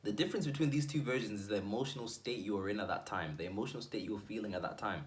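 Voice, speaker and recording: A man hosting his own video, giving an energetic motivational talk to the viewer with emphatic repetition and frequent asides. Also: on the low side, racing.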